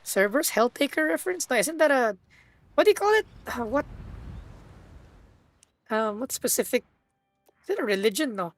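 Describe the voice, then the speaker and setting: A young woman streaming a driving game, excitable and stammering, often squealing and laughing as she drives. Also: fairly high pitch, normal speed, long pauses, soft background music. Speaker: automotive VTuber streamer. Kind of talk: live gaming stream commentary. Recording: car engine noise behind.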